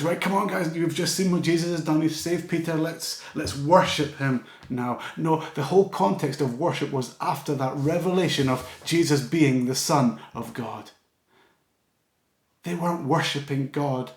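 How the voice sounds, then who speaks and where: A man preaching a sermon in a church, earnest, often dropping to a soft, low voice for emphasis. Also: echoey room.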